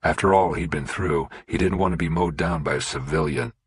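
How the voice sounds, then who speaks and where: Very deep, husky male narrator. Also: fairly quick, no echo. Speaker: audiobook narrator. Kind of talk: scripted narration.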